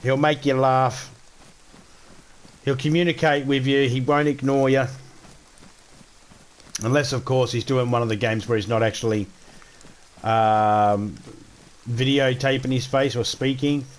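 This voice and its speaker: A man's voice: mid-range voice, fairly even intonation, unhurried, pauses often. An Australian man chatting casually to viewers as he streams a survival game, joking and swearing freely. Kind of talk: casual live-stream chat while playing.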